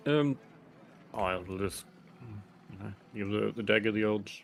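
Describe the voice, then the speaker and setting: A man's voice: lowish voice, measured pace, creaky, a little hiss or hum. A man playing a tabletop game, laid-back and a little hesitant. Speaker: player.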